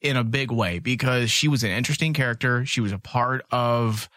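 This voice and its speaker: A man's voice: medium pitch, a little fast, a bit bright, no room sound. Chatty joking man, dry close sound. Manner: joking, talkative, reads summaries aloud. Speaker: podcast co-host. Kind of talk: casual podcast chat.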